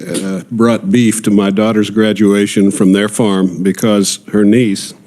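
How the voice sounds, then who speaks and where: A man's voice: lowish voice, level tone, unhurried, darkish tone. A man speaking as a state representative at a committee hearing, friendly and personal in tone. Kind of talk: committee floor remarks. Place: legislative hearing room.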